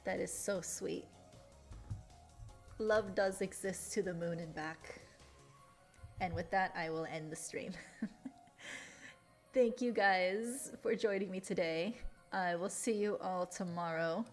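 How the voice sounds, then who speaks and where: A young adult woman streamer chatting casually, emotional and quick to laugh. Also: on the low side. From Latin America. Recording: faint music behind.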